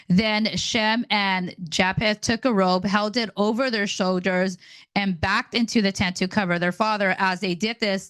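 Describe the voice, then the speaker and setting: A woman's voice: mid-range voice, a bit bright, no echo. Chatty woman reading scripture aloud. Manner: chatty, laughs between verses, stumbles on names. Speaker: Bible reading host. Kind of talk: casual Bible reading with commentary.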